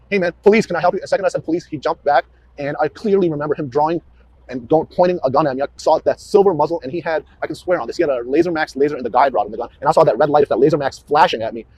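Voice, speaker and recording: A shaken male police officer giving a recorded interview outdoors at a roadside, talking fast and rambling with many restarts. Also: on the high side, a little mellow, slight background noise, rough recording. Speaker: police officer questioned by investigators. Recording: archive interview footage.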